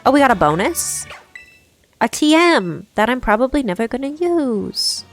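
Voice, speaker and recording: A giggly young woman streamer reads out chat and reacts while she plays, her voice swooping animatedly up and down. Soft background music runs quietly under her casual chatter. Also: fairly high pitch, big pitch swings, moderate pace.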